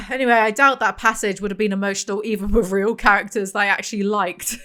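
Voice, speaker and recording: A woman's voice: medium pitch, steady tone, brisk, sharp tone. Sarcastic woman reviewing a novel. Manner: sarcastic, wry. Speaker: book reviewer. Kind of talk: reading book passages aloud with mocking commentary.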